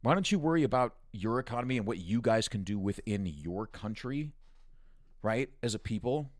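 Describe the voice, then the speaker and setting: Guy from the us ranting on his stream, low voice, swears nonstop, dry sound. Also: lively intonation, moderate pace, dry recording. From United States. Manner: angry, profane, mocking rant. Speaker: news commentary host. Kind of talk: ranting political commentary stream.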